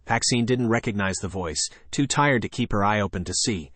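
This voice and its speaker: A man reading a story aloud as an audiobook narrator, in an even, unhurried way. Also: on the low side, no echo.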